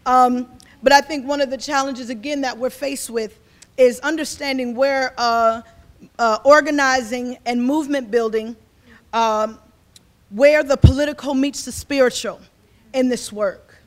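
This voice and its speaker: A woman's voice: sits high, steady tone, a little slow. A woman in her forties, a community organizer, speaking to an audience in a fervent, rambling way and repeating herself as she builds. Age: 40s. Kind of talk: impassioned speech to an audience.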